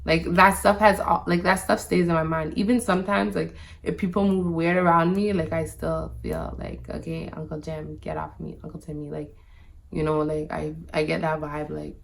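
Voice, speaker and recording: A woman with a fairly low, flat voice and some vocal fry speaks at a moderate pace. She's a vlogger addressing her viewers directly, telling a personal story in a casual monologue where "like" turns up in nearly every phrase.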